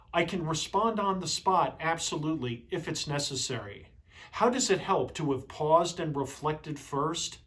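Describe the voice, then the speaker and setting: A middle-aged man teaching leadership skills in a measured, explanatory way, posing rhetorical questions to his viewers. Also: on the high side, fairly bright tone. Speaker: leadership trainer. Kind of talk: instructional talk to camera.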